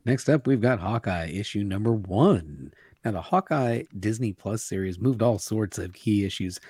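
Husky low-voiced co-host man. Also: lively intonation, normal speed, dark tone, no room sound. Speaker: podcast co-host. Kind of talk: reading list entries and casual chat.

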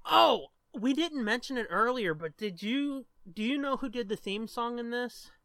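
A person co-hosting a casual movie commentary, animated and joking, swearing freely and talking fast in bursts. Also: medium pitch, no room sound. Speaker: co-host of a movie commentary podcast.

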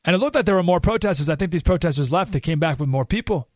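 Emphatic male radio host, fairly high voice. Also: rapid-fire, no room sound, studio quality. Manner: animated, emphatic storytelling with rising indignation. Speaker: radio talk show host. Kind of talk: opinionated radio monologue.

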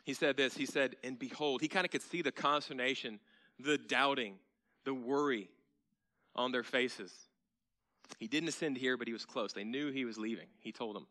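A man pastor preaching a sermon in a church, conversational and then emphatic, sometimes dropping to a soft hush. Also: medium pitch, normal speed, long pauses.

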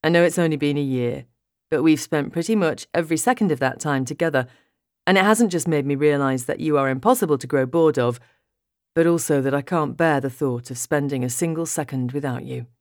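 A woman reading an audiobook, voicing a playful, affectionate young man who teases his girlfriend in an unhurried way. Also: low-pitched, dry recording, studio quality. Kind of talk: audiobook character voice.

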